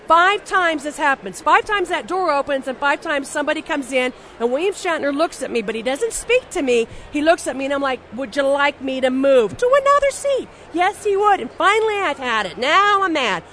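High-voiced woman telling blunt stories. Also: brisk, few pauses, a little hiss or hum. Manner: blunt, animated, profane, with frequent restarts. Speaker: interview guest, novelist. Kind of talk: casual anecdotal storytelling.

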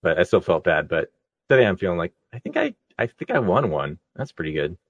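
A man's voice: low-pitched, sing-song, a little fast, husky, dry recording, dull audio. A man telling a story in a casual podcast chat, laid-back and laughing as he goes. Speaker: podcast co-host.

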